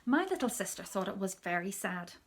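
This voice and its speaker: Teacher reading to children, soft and hushed, husky with a gravelly edge. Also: female voice, medium pitch, sing-song, brisk. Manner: soft, hushed storytelling, often near a whisper. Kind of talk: reading a children's story aloud.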